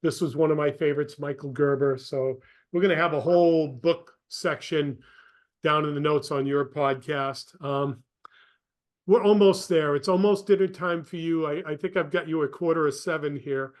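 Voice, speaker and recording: A man's voice: a little high, fairly even intonation, normal speed. A man hosting a podcast interview, emphatic, stressing points by repeating phrases. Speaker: podcast host. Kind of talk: casual interview talk.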